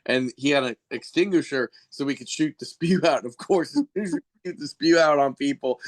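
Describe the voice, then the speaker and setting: A man's voice: a little fast, hardly any pauses. Rambling man telling stories, loose and chatty. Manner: rambling, with many restarts and fillers; jumps into high, animated voices when quoting people. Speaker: podcast guest, costume and effects artist for a shock rock band. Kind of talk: casual storytelling chat.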